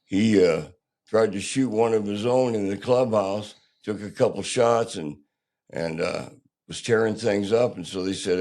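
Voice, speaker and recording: An older man, a podcast guest, telling his own story candidly in a plainspoken, halting, rough-edged way. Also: on the low side, darkish tone.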